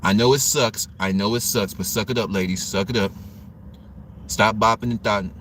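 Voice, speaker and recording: A man's voice: lowish voice, fairly even intonation, normal speed, a bit bright, a little hiss or hum. A man hosting a livestream, ranting bluntly and lecturing with rhetorical questions. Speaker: livestream host. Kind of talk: opinionated livestream rant.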